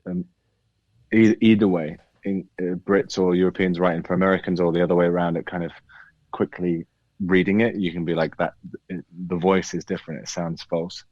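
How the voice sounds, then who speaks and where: A British actor chatting in an interview, talking thoughtfully with lots of restarts and hedges. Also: male voice, sits low, fairly even intonation, a little fast, no room sound, muffled recording. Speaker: actor guest. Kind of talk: casual interview chat.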